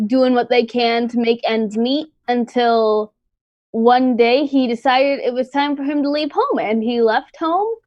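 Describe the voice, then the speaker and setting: A woman's voice: sits high, darkish tone, no room sound. A woman player easily describing her character's past in a tabletop game. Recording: dull lo-fi audio.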